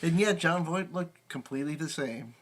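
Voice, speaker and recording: A podcast co-host joining a loose movie-review chat now and then. The voice sits at a middle pitch and drops in dry, swearing rhetorical questions. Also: normal speed.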